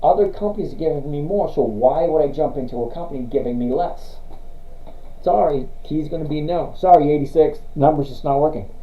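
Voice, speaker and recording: Reviewing stocks on a casual livestream, this middle-aged host talks with his audience, reads out their comments, and says no with apologies. He speaks slightly quickly in a fairly high voice, captured in muffled, roomy lo-fi stream sound.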